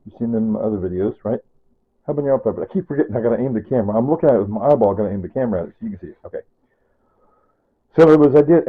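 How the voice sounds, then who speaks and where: A man with a husky voice talks casually through his home cooking, circling back and correcting himself as he rambles. The sound is tinny and phone-like. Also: mid-range voice. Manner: chatty, repeats himself, self-correcting. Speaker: cooking vlogger. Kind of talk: rambling casual kitchen talk.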